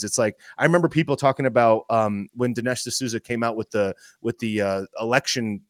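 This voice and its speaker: A man's voice: mid-range voice, dry recording, studio quality. A man guesting on a political talk show, arguing emphatically with lists and rhetorical questions. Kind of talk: casual political chat.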